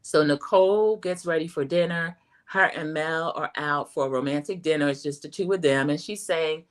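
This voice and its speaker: A middle-aged woman hosts a casual recap of a reality show in a chatty, animated way. Her voice sits a little low. She keeps calling out to her viewers as she goes. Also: normal speed.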